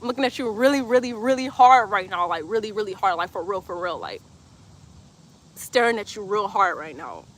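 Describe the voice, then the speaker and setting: This woman's mid-range voice is animated, fairly bright and a little fast. Teaching a live-streamed yoga class outside, she chats playfully through the comments, laughs often and uses breathy cues.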